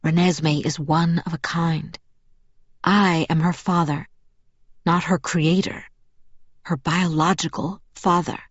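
A woman reading an audiobook, voicing a calm and persuasive male vampire with a smooth, velvety tone. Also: lowish voice, no echo. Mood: firm, calm. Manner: measured, patient, firm. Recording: dull, dry audiobook recording.

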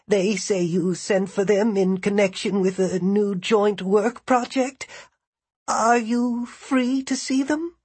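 A man voicing an elderly secretary woman with a quaking, rasping voice on an intercom. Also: high-pitched, fairly even intonation, slow pace, darkish tone, no room sound, pitched above the performer's own voice, full character voice. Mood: polite. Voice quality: rasping, quavering.

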